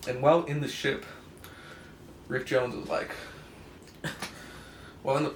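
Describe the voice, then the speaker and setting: A man's voice: medium pitch, steady tone, a little slow, slight background noise. A young man in casual comic commentary, sarcastic and mocking, firing rhetorical questions, in an echoey room. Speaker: comic book reviewer.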